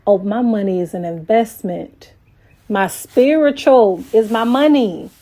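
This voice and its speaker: Slow, emphatic woman giving affirmations. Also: medium pitch, dark tone. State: emotional, voice dropping to a whisper. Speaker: life coach. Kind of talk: reflective voice note.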